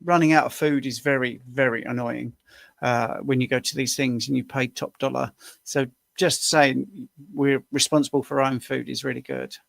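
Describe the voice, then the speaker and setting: A man's voice: medium pitch, steady tone, moderate pace, creaky, fairly bright tone, no room sound, studio quality. A man in his sixties on a video call, explaining at length in a rambling, anecdotal way as co-host of a live Q&A. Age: 60s. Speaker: co-host answering questions. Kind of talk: casual live Q&A chat.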